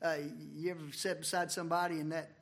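Male preacher, high-pitched, dynamic delivery with big loud-to-soft swings. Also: little pitch movement, fast talker. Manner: preaching with sharp swings from loud emphasis to near-murmurs. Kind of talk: sermon. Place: church.

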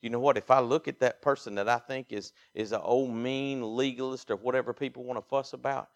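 A pastor from Mississippi with a Southern accent, preaching a sermon and swinging from quiet asides to loud, emphatic exhortation. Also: male voice, mid-range voice, steady tone, fairly quick. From Mississippi, USA.

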